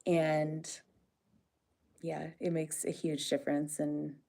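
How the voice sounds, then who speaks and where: Slow-talking woman hosting a farm livestream. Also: deep voice, level tone, vocal fry, warm tone. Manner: chatty, coaxing animals in a sing-song. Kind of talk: casual livestream chat.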